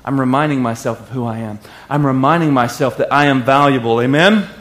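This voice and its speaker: A man preaching a sermon with lively call-and-response and bits of song. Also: mid-range voice, a little fast. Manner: animated preaching with call-and-response and sung lines. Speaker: pastor. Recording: echoey room.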